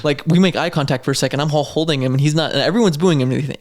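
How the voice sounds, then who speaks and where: A man's voice: fairly high pitch, very fast. A man from Idaho, an amateur mixed martial arts fighter, telling stories in a casual podcast chat, rambling and packed with "like.". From Idaho, USA. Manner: rambling storyteller, heavy use of "like". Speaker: amateur MMA fighter guest.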